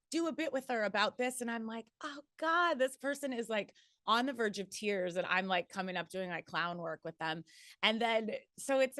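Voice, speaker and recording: A woman in her forties, a guest in a casual chat, telling stories in an animated way, swearing and laughing often. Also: medium pitch, no room sound, studio quality.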